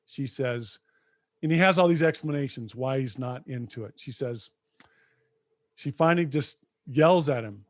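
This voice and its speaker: A man co-hosting a podcast, retelling film scenes in a lively conversational way. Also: mid-range voice, normal speed, no echo, clean studio sound. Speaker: podcast co-host. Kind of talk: casual conversation.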